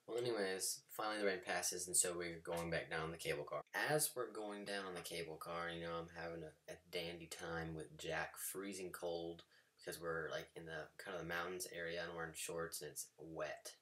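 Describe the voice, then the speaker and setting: A man's voice: deep voice, fairly even intonation, moderate pace, fairly bright tone. A man telling a rambling story in a casual vlog, full of fillers and sudden whispered asides. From United States. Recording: voice a bit far from the mic, faint background noise.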